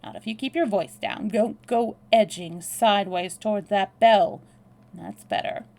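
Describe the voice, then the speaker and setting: A woman's voice: medium pitch, a little slow, creaky, darkish tone. A woman reading aloud, voicing a blunt young American man who drawls, speaks dryly and makes threats. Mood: menacing. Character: brash, blunt young American man, cool under pressure. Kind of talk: read-aloud novel dialogue.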